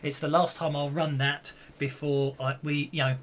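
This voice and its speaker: A man wrapping up a tabletop game session as game master, talking in halting bursts full of fillers and restarts. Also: fairly high pitch, level tone, a little hiss or hum.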